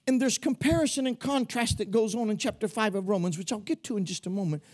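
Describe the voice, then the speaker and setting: A man preaching a sermon with fervor, often rising into shouts and peppering his speech with "uh". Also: high-pitched, quick pace. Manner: fervent, swelling into shouts, many "uh" fillers.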